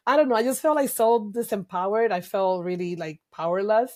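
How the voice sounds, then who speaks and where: A woman's voice: mid-range voice, a little fast, few pauses, a little mellow. Reflective woman. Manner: reflective, emotional, hesitant with fillers. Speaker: guest. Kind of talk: candid personal interview.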